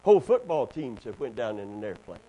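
A middle-aged man, preaching a sermon with call-and-response to the congregation and building to loud, fervent delivery. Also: medium pitch, big pitch swings, a little fast, rough recording. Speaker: pastor.

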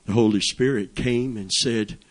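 A man's voice: fairly low pitch, measured pace. Fervent older man preaching. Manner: fervent, folksy preaching with exclamations. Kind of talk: sermon.

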